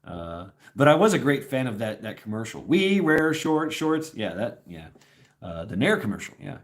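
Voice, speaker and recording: A man's voice: on the low side, lively intonation, moderate pace. A man talking in a casual, rambling livestream chat, restarting sentences often and chuckling as he goes. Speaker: host.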